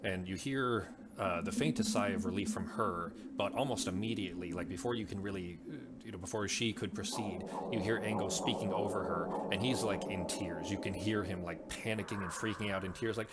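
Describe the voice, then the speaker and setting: Deep-voiced man narrating a tabletop game. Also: over a noisy crowd. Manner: halting, many fillers and restarts. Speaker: game master. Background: background music.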